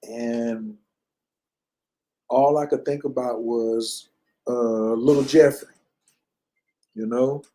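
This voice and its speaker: A man's voice: medium pitch, fairly even intonation, slow pace, long pauses, mellow, low-quality recording. A man in his fifties telling a personal story in a loose, conversational way, with many fillers. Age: 50s. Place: lives in Bali.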